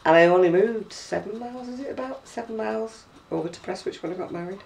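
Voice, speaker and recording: A woman's voice: mid-range voice, quick pace, gravelly, a little mellow. An older woman with a Lancashire accent, chatting at home as host and laughing through her stories. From Oldham area, northwest England. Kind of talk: casual chat. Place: living room at home, indoors. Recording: distant camera mic in a room.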